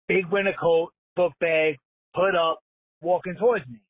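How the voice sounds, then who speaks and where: A man's voice: high-pitched, fairly even intonation, moderate pace, dry recording. A man calling in and leaving a voicemail, telling a story in a casual, streetwise way with some swearing. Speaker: caller. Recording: tinny phone voicemail.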